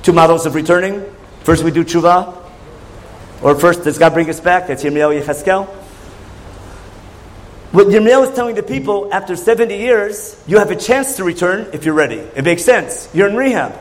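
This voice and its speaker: A man's voice: high voice, animated, normal speed, poor audio. A man teaching a Torah class in a conversational lecture, often asking his listeners questions. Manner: questioning, conversational, asks the audience.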